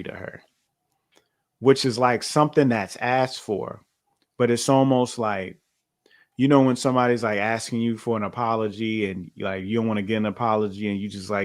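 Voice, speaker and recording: A man's voice: lowish voice, fairly even intonation, moderate pace. Chatty man talking things through. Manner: loose, conversational, many fillers and restarts. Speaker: podcast co-host. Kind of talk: casual chat.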